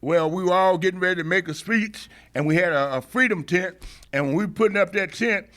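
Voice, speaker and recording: A high-pitched older man recounting events as an interview guest. His storytelling is impassioned and oratorical, with frequent hesitations and restarts. It builds into the rhythm of a rally speech. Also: a little fast, fairly bright tone. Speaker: interview guest, veteran activist. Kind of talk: oral history storytelling.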